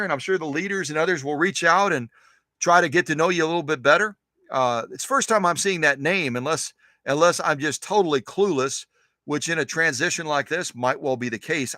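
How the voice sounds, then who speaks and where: A man's voice: on the high side, sharp tone, no echo. A man hosting a casual live stream, greeting viewers one by one in a rambling, upbeat way, full of repeats and filler uhs. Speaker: host of a vintage sewing machine live stream.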